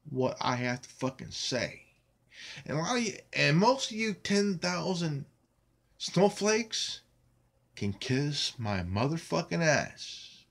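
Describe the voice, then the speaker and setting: A man delivers an angry, profane vlog rant, defiant and full of emphatic repetition. His voice sits a little high and swings widely in pitch. He speaks slowly and deliberately, leaning hard on each word. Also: creaky, fairly bright tone, slightly rough. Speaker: YouTube channel host. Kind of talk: angry ranting monologue.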